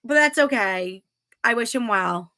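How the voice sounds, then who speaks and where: A woman's voice: a little high, animated, measured pace, pushed and bright. A woman in her thirties hosting a casual livestream, reading viewer comments aloud and chatting, giggling often. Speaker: livestream host.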